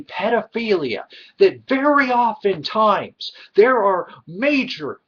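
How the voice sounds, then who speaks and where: Indignant ranting man, lo-fi audio. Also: sits high. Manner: indignant, emphatic, frustrated. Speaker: vlogger. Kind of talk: heated opinion rant to camera. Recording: dull lo-fi recording.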